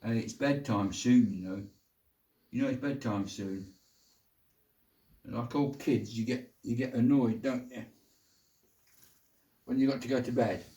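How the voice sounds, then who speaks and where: A man's voice: mid-range voice, a little slow, long pauses, mellow, lo-fi sound. An older man at home talking to his pet bird in coaxing, affectionate baby talk. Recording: roomy sound, distant from mic.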